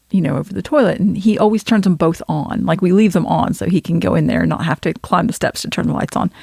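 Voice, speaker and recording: Female podcast co-host, gravelly voice, dry sound, casual storyteller. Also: on the low side, darkish tone, no room sound. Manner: brief agreeing replies, storytelling when she takes the floor. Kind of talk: casual chat.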